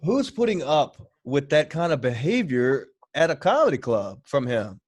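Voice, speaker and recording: A man hosting a casual podcast, reacting loudly with groans and disgust. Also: on the high side, sing-song, normal speed.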